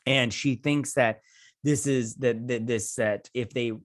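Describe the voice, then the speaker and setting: A man's voice: mid-range voice, fairly even intonation, measured pace. Casual guy in his 30s recapping a tv episode, rambles, lots of fillers, cracks jokes, acts out the quotes. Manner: rambling, full of fillers, jokey asides, acts out quotes in voices. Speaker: show host reviewing a TV episode.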